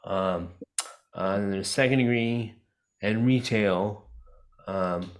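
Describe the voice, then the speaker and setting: A man's voice: on the low side, slow. A man teaching a class on a video call, talking loosely with lots of fillers and restarts. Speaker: disability advocate teaching a class. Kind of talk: casual online lecture.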